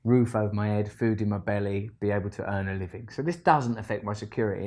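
A man telling a rambling storytime monologue, animated and self-deprecating, swinging between loud bursts and low asides. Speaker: vlogger.

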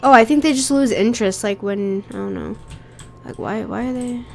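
A young woman with a cold, coughing and rough-voiced, chatting casually and getting easily exasperated while she plays. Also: on the high side, normal speed, darkish tone, slight background noise. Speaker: gaming channel host. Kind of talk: casual gameplay commentary.

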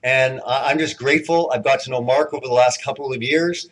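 A man's voice: mid-range voice, steady tone, a bit bright, rough recording. A man introducing the next speaker at a conference, enthusiastic and admiring, with small restarts. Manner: enthusiastic, admiring, slightly halting.

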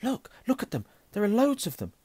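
A hoarse man voicing an excited eleven-year-old boy wizard, eager and insistent. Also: medium pitch, fast, no echo, voice pushed up.

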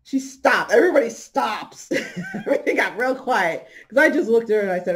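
A woman's voice: on the high side, big pitch swings, normal speed. A middle-aged woman hosting a podcast, telling a personal story in a casual way. She laughs often and acts out the people she quotes. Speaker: podcast host.

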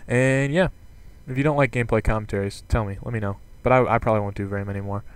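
A young man giving casual commentary on a video game, rambling and excitable, with lots of fillers. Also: on the low side, quick pace, clean tone. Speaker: gaming commentator. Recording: game sound and gunfire behind. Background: gunfire from gameplay.

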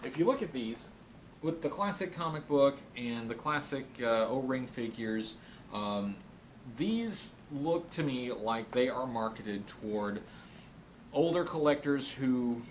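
A man hosting a casual Q&A vlog, reading viewer questions aloud and answering in a halting, thoughtful way with frequent pauses. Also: mid-range voice, lively intonation, slight background noise. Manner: reads viewer questions aloud, then answers them plainly.

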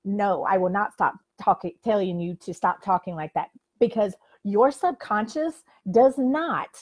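A woman's voice: medium pitch, measured pace, slightly rough. An older woman who coaches people, giving a frank, emphatic motivational talk to a camera and saying "like" often. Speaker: life coach. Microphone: facing the camera.

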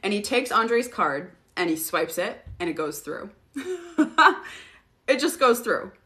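A woman's voice: medium pitch, expressive, unhurried, sharp tone. A young woman hosting a casual livestream, telling stories and answering viewer questions, swearing freely and laughing often.

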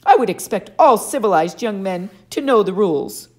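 A woman voicing a pudgy, grumpy male camp director who talks loudly, curtly and with disdain in a storybook reading. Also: mid-range voice, expressive, normal speed, voice pushed up, natural voice. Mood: impatient.

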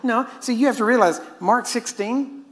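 A man's voice: very high voice, moderate pace, a bit bright. Emphatic preacher man. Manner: emphatic, questioning the audience. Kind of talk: sermon.

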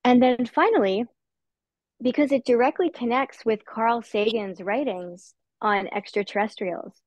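A woman's voice: fairly high pitch, measured pace, dry recording, dull audio. A woman author answering interview questions in a thoughtful, conversational way, sometimes restarting her words. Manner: thoughtful, with restarts and soft laughs.

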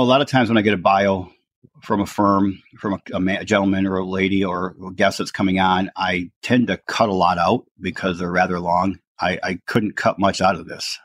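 A man's voice: low-pitched, husky, dry recording. A man hosting a podcast, chatting casually and repeating words as he goes. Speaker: podcast host. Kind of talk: casual interview chat.

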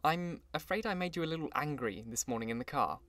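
A man's voice: fairly high pitch, expressive, quick pace, fairly bright tone, no echo, pitched above the performer's own voice. A man voicing a charming young wealthy man who speaks in an earnest, reassuring tone.

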